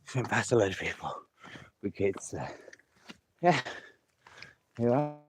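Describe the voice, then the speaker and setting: A man's voice: lowish voice, animated, measured pace, slight background noise. A man on a live walking vlog, chatty and enthusiastic, out of breath as he climbs a hill path outdoors, filmed on a handheld phone. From England. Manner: chatty, repeats himself, enthusiastic about scenery. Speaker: vlogger.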